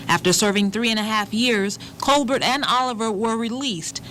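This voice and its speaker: A woman narrating a public television documentary in a measured, formal reading. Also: fairly high pitch, fairly bright tone, a little hiss or hum, low-quality recording. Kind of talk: scripted narration.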